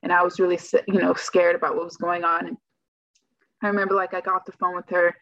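A woman's voice: lowish voice, level tone, fast talker, a bit bright, slight background noise. A woman telling a personal story in casual, rambling speech, full of "like" fillers, on a slightly muffled recording. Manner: rambling, heavy use of "like" fillers. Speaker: guest telling her story.

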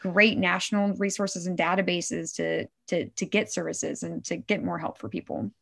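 A middle-aged woman from Oklahoma, a suicide prevention worker, talking as an interview guest in a lively way that checks in with "right?" and acts out quotes. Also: lowish voice, moderate pace, creaky. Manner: animated, says "right?" often, acts out quotes. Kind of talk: conversational interview.

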